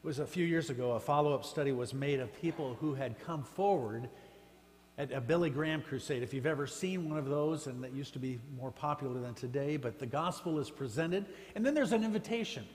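A man's voice: fairly high pitch, fairly quick, darkish tone. A man preaching a sermon as pastor, with emphatic, rising exclamations. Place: church sanctuary. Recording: church hall reverb with faint hum.

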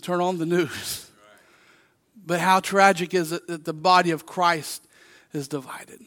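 A pastor with a high, bright male voice preaches a sermon from the pulpit at a measured pace. He tells anecdotes with animated energy, acting out other people's voices, and keeps the delivery loose and conversational with many asides to the congregation.

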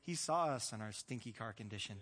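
A man preaching a sermon as pastor in a relaxed, conversational way, mixing in jokes and acted-out quotes. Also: on the low side, fairly quick, in a large hall. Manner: conversational, joking, acts out quoted voices.

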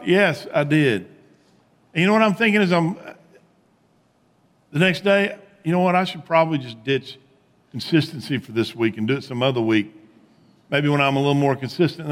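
A man preaching a sermon as pastor, animated, with rising emphatic peaks and quiet low asides. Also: long reverb tail.

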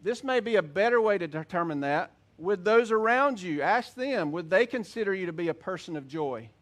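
A man preaching a sermon as a pastor, earnest, reading scripture slowly and with emphasis. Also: sits high, expressive.

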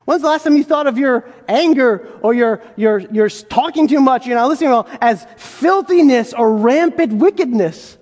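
A man's voice: very high-pitched, darkish tone, in a large hall. A man preaching a sermon in a conversational way, asking the congregation rhetorical questions and acting out the voices he quotes. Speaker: pastor.

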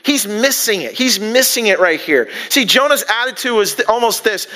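A man preaching a sermon, acting out quoted lines with animated rising emphasis. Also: high-pitched, moderate pace, few pauses. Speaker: pastor.

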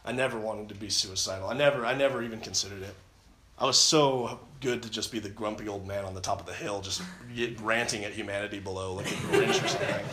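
A man's voice: lowish voice, steady tone, a little fast, pushed and bright, slight background noise. A man giving an earnest personal testimony at a camp, retelling his story with many restarts and repeated phrases. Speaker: camp speaker. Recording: roomy echo.

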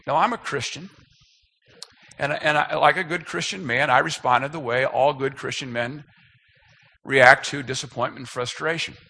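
Man, fifties, strong bright tone, self-deprecating, humorous sermon story. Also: mid-range voice, moderate pace, creaky. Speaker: speaker.

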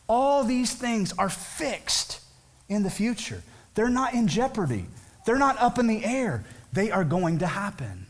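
A man's voice: high voice, big pitch swings, measured pace. A man preaching a sermon as pastor, talking conversationally and asking many rhetorical questions.

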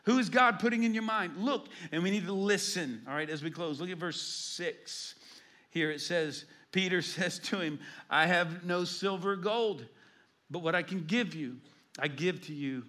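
Preaching a sermon at a moderate pace, this pastor has a voice that sits high. He tells stories, shifting from loud emphasis to hushed asides and back.

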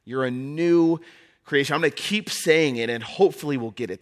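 A man's voice: a little high, moderate pace. A young man preaching a sermon as pastor, repeating key phrases and building toward impassioned preaching.

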